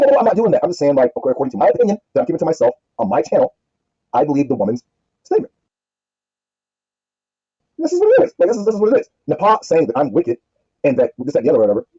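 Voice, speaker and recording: Male streamer, dark husky voice, profane and rambling, lo-fi audio. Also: on the high side. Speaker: livestream host. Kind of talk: heated livestream argument.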